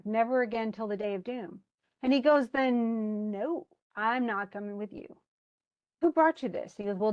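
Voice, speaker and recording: A woman giving a lively classroom lecture, acting out characters' lines as she explains them. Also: on the high side, dull audio. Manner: animated, acts out characters' lines in quotes. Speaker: literature lecturer.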